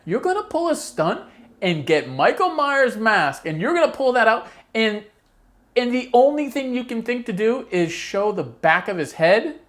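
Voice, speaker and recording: A woman hosting a horror channel, giving a casual opinion rant with exasperated, sarcastic asides. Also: lowish voice.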